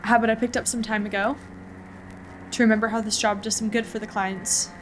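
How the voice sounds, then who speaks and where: A woman's voice: on the high side, level tone, fairly quick, faint music behind, lightly acted. A woman voicing a weary, guarded professional mourner who speaks hesitantly and justifies herself.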